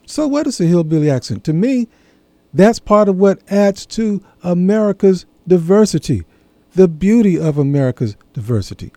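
A man telling a personal story in a reflective monologue, earnest and measured, pausing between phrases. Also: high voice, big pitch swings, dark tone, dry recording. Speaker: speaker sharing a personal story.

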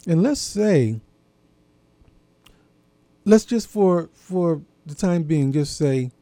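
A man with a fairly high but very dark, mellow voice, talking in a slow, folksy monologue. He stops to pose questions straight to his listeners. The sound is dry and close. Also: animated, dry recording. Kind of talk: reflective monologue.

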